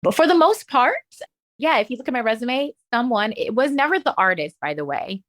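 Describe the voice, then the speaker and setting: A woman, a professional dancer, talking as a guest in a casual interview, animated, laughing often and acting out what people said to her. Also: a little high, fairly quick. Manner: animated, laughs often, acts out quoted voices.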